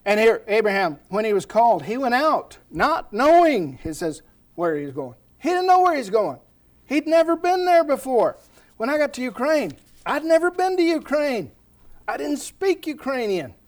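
An American man preaching a sermon, animated and folksy, with storytelling asides. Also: very high-pitched, moderate pace. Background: congregation responding.

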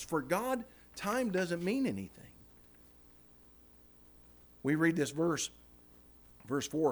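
A Baptist preacher giving an informal Bible study sermon in a folksy, animated way, often saying "man, I tell you what.". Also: a little high.

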